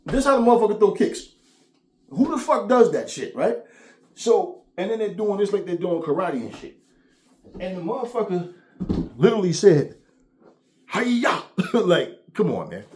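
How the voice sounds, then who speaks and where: A man hosting a commentary vlog, ranting in a blunt, profane, animated way. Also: sits high, moderate pace. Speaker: channel host.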